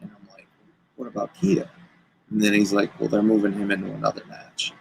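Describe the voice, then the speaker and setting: A man with a gravelly, fairly low voice tells a story as a podcast guest. He slips into the voices of the people he quotes. The chat is loose and casual. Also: fast talker, slight background noise, poor audio. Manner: animated, acts out quoted dialogue. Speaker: guest wrestler.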